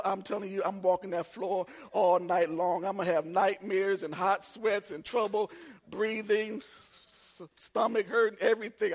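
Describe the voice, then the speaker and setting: A man in his forties preaching a sermon, telling funny personal stories and building up to shouts. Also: high voice, husky. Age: 40s. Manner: humorous storytelling, builds to shouting. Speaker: pastor.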